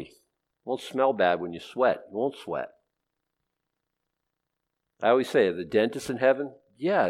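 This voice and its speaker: Conversational and funny, a middle-aged preacher works through an expository sermon, shifting from booming outbursts to quiet asides.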